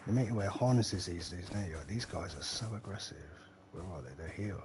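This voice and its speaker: A rambling middle-aged man talks to his live-stream chat while he plays. His voice sits low, he swears casually, and there is a faint hum of ambience behind him. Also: brisk, darkish tone.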